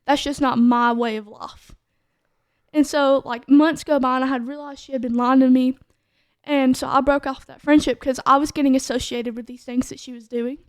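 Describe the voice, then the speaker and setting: A woman's voice: high voice, steady tone, moderate pace, no echo, studio quality. A woman, a podcast co-host telling her testimony in a casual chat, full of "like" fillers.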